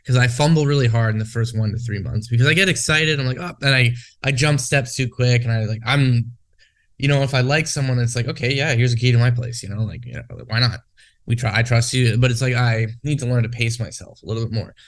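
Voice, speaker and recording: A podcast co-host from Western Canada chats casually at a medium pitch and quick pace. He's profane and rambling, going off on tangents.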